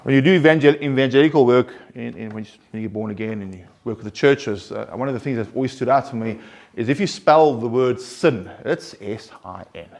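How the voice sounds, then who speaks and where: Talking fast in a mid-range voice with a darkish tone, a man counsels a recovery group in a loose, informal talk. He's earnest and conversational, restarting frequently and pressing each point with rising force.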